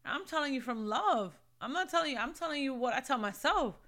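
Earnest Christian woman vlogger, bright voice. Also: sits high, animated, a little fast. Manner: earnest, encouraging, laughs between points; says "sis" and "babe" to viewers. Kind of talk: casual motivational talk to camera.

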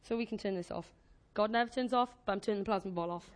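A woman giving an informal, energetic sermon to her church, joking and demonstrating as she talks. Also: mid-range voice, quick pace. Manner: energetic, animated, jokey. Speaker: church speaker.

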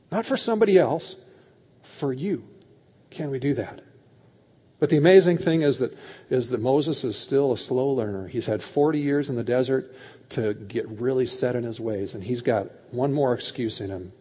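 A male pastor giving a sermon, retelling scripture in lively paraphrase with animated voices for the characters and often repeating words as he starts sentences. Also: mid-range voice, unhurried, long pauses, husky. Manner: animated storytelling, voices God and Moses in casual paraphrase. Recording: dull lo-fi sound with long hall reverb.

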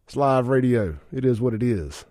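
A man's voice: mid-range voice, expressive, normal speed, mellow, no room sound. A man hosting a casual talk radio show in a studio, chatting, chuckling often and reading listener texts aloud. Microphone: studio microphone.

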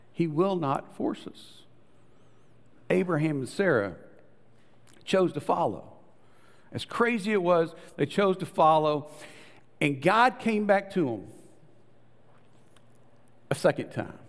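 A man preaching a sermon, telling a story with lively voices for the people in it and sinking to soft, low tones to make a point. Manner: animated storytelling, acting out quoted voices, dropping to soft low tones for emphasis. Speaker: pastor. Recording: long reverb of a large hall.

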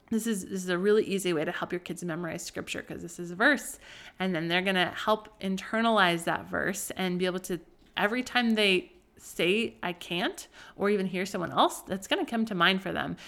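A woman's voice: fairly low pitch, fairly bright tone. A woman in her thirties hosting a faith-based parenting talk, earnest and conversational, with frequent asides. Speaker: podcast host.

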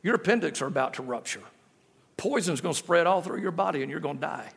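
A man's voice: on the high side, expressive, fast talker, gravelly, fairly bright tone, husky, full character voice. A man voicing the devil as a catastrophizing male tempter, making doom-laden warnings inside his sermon. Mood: ominous. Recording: echoey church hall with long reverb.

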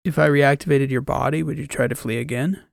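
A businesslike male officer, as a narrator puts him on, curious and matter-of-fact in his questions. The voice is very gravelly and dry, read close for a storybook. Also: mid-range voice, steady tone, brisk, no echo. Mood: questioning.

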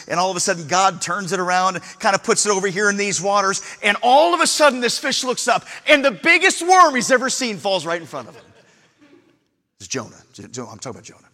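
A male preacher with a remarkably high, bright, cutting voice delivers a sermon in a church. He jumps between ringing shouts and low, hushed near-whispers. A long reverb trails each phrase through the big room. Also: brisk, hardly any pauses. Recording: long reverb in a large hall.

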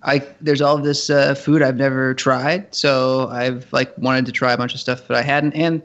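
Laughing podcast co-host on a dull line. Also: male voice, medium pitch, level tone, normal speed, a bit bright. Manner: laughing, stammering, easygoing. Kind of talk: casual podcast chat.

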